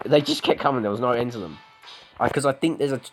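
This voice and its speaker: A man's voice: medium pitch, quick pace, rough recording. An Australian man hosting a game playthrough, reading dialogue aloud with frequent restarts and chuckles. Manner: stumbling restarts, chuckling, voices characters loosely. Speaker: let's play host. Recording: game music playing underneath. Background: game music.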